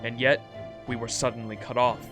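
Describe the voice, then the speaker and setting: A man voicing a proud, defiant ancient emperor, reading game dialogue in a grave, measured way. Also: medium pitch, flat delivery, pitched below the performer's own voice, close to an everyday voice. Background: background music.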